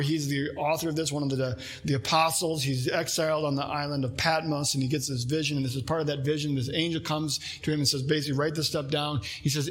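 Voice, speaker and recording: Pastor, man, preaching in earnest; slightly higher, husky voice. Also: fairly bright tone. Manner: earnest preaching, reads scripture aloud, asks listeners questions. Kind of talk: sermon.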